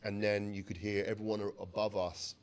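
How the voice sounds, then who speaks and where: Deep-voiced guy co-host, chill casual chat, lots of mm and yeah. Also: level tone, brisk, smooth. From United Kingdom. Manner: laid-back, chimes in with short agreements. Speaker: podcast co-host.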